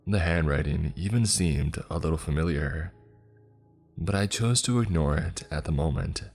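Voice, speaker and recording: Deep, husky male horror narrator. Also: moderate pace, darkish tone, faint music behind. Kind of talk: scripted first-person horror narration.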